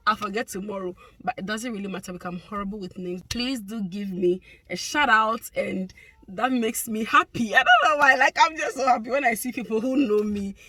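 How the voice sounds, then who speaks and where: A woman's voice: mid-range voice, fairly quick, bright, forceful tone, husky, no room sound. A young adult woman, a healthcare worker, chatting casually to her vlog viewers, effusive and laughing often.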